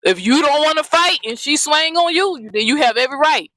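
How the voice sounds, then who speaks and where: A woman's voice: sits high, expressive, brisk, bright, forceful tone, no room sound, rough recording. A woman hosting a commentary channel, ranting bluntly and profanely, often repeating herself. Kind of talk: heated casual commentary rant.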